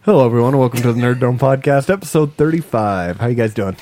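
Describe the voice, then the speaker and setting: A man's voice: medium pitch, fast, warm tone. A man hosting a casual podcast with friends, laughing often as he leads the banter. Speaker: podcast host.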